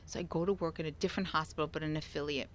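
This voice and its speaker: A middle-aged woman co-hosting a casual talk show, telling stories in a chatty, animated way. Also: sits low, racing, slight background noise. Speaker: co-host. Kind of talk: casual chat.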